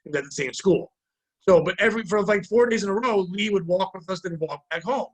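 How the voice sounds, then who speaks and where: Middle-aged podcast host, high-pitched man, rambling and profane, animated casual storytelling. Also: quick pace. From Connecticut.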